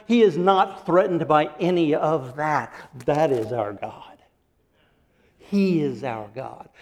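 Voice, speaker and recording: Male pastor, sermon, slightly high voice, animated, laughs, echoing church hall. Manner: animated, acts out quotes and laughs often. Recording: long hall reverb.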